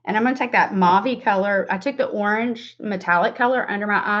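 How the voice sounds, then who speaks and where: This makeup vlogger talks fast with few pauses, her medium-pitched voice a bit bright. She's a Southern woman in her forties doing a laid-back livestream tutorial, addressing viewers by name and laughing often, all in dull lo-fi audio.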